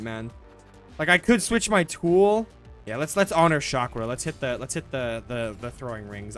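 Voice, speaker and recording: A man's voice: medium pitch, a bit bright. A young man streaming a game, rambling casually with lots of swearing, restarts and "bro". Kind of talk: casual gameplay commentary.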